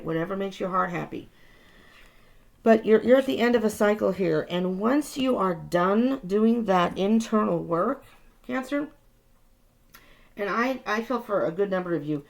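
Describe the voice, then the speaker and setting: Gravelly-voiced woman reading tarot. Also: fairly low pitch. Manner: chatty, reassuring, with frequent restarts. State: tired. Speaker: tarot reader.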